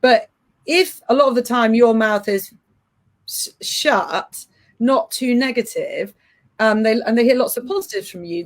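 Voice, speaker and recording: A middle-aged woman coaching parents, explaining earnestly with frequent restarts. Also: mid-range voice. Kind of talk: advice-giving podcast chat.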